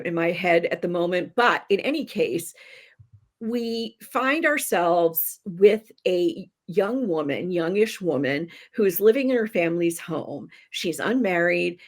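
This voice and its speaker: A woman guest on a podcast, talking animatedly about novels she loves, laughing and adding quick asides. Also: lowish voice. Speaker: guest book critic. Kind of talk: enthusiastic podcast interview.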